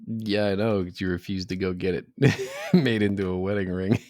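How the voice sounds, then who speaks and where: Man, young adult, deep low voice, dry teasing humor, casual podcast chat, dry close sound. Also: steady tone, normal speed, darkish tone, no echo. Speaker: podcast co-host.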